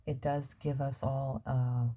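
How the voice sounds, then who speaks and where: A woman's voice: extremely low pitch, level tone, slow, dark tone. A woman giving a casual tarot reading, musing aloud and trailing off with fillers as she turns over cards. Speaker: tarot reader.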